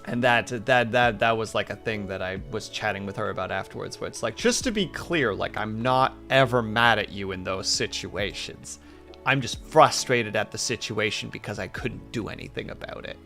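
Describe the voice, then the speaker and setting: A man's voice: lowish voice, normal speed, creaky, pushed and bright, soft background music. A man streaming, chatting casually and reflectively with viewers, rambling with many fillers.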